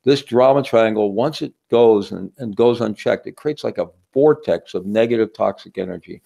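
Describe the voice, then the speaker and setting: Gravelly mellow-voiced guy giving a talk, chatty, keeps asking "right?". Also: on the low side. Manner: conversational, asks the audience with a frequent "right?". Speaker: workshop speaker. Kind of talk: teaching talk.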